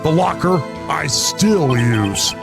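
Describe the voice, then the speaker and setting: A man voicing a laid-back cowboy detective through a voice modulator that deepens his gravelly voice. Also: expressive, takes it slowly, music in the background, exaggerated voice. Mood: wry, drawling. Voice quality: gravelly, rough. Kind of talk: let's play character voice.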